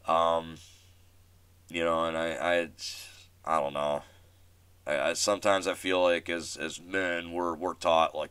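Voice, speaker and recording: A young man hosts his own show and tells a story in a loose, rambling way, full of restarts and self-deprecating asides. His voice is low and smooth, recorded dry and close. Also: unhurried, sharp tone, dry recording. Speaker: podcast host. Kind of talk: casual storytelling monologue.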